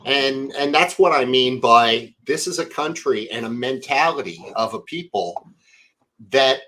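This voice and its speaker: A man taking part in a relaxed podcast discussion about world affairs. He stumbles and restarts often, then settles into slow, measured statements of opinion. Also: medium pitch, slight background noise, low-quality recording. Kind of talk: casual political chat.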